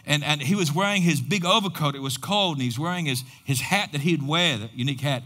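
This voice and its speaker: A high, bright-toned man preaches slowly, building a story with dramatic pauses. His voice rings through a church hall with a long reverb. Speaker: pastor. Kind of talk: sermon storytelling.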